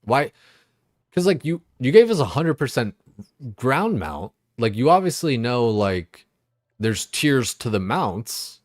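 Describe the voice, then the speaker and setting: A man's voice: medium pitch, sing-song, slow, no room sound, studio quality. A young man streaming games, ranting in a loose, exasperated way, full of swearing and filler words. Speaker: gaming streamer. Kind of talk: casual livestream rant.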